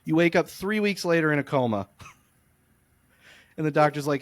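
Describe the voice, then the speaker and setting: A man co-hosting a podcast, telling long, animated, rambling stories in casual sports chat. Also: fairly high pitch, normal speed, long pauses. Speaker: podcast co-host. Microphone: close podcast mic.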